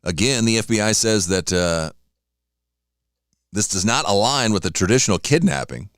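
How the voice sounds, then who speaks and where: A man with a lowish voice hosts a solo radio talk show, rambling easily from one thing to the next. His sound is close and dry with no room around it. He keeps a loose, chatty flow. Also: expressive, normal speed, clean tone, no echo. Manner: rambling, chatty, talks while eating.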